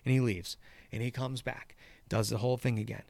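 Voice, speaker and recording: A man tells a rambling story in casual chat, swearing freely and acting out the shouted lines. His voice sits at an ordinary middle pitch. The recording is dry and close, with no room sound. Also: fairly quick, creaky, no room sound. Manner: profane, animated, acts out shouted quotes. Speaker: golf course superintendent.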